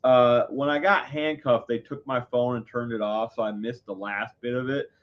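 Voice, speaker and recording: A man's voice: mid-range voice, fairly even intonation, moderate pace. A man hosting a live show, telling viewers a story in a heated, profane, rambling way. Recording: dull lo-fi audio.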